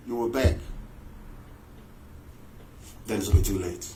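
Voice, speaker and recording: A man's voice: medium pitch, unhurried, long pauses, a little mellow, slight background noise, low-quality recording. A man giving an impassioned live radio broadcast, scornful and mocking and repeating himself for emphasis. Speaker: political broadcaster.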